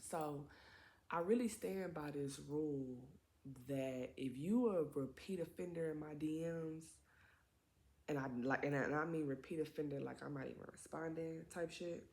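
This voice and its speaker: A woman's voice: sits low, normal speed, a little mellow. A woman in her twenties tells a story in a casual vlog. She talks in a chatty, slangy way with plenty of profanity and side remarks. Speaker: vlogger.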